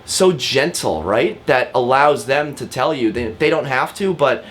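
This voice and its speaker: A man's voice: mid-range voice, lively intonation, a little slow, fairly bright tone. A man, a real estate agent, giving a casual lesson to camera, talking directly with frequent fillers and repeats. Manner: chatty and direct, often calls viewers guys.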